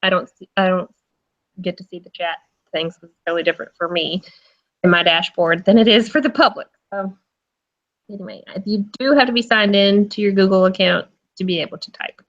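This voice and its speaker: A woman's voice: medium pitch, a little fast, fairly bright tone, dull audio. A woman hosting a casual live interview show, chatty, with lots of fillers and frequent laughter. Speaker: host.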